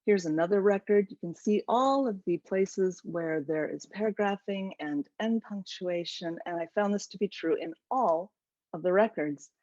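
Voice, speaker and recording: A woman author gives an animated, enthusiastic webinar lecture about her book over a video call. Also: mid-range voice, normal speed, no echo. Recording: dull lo-fi webinar audio.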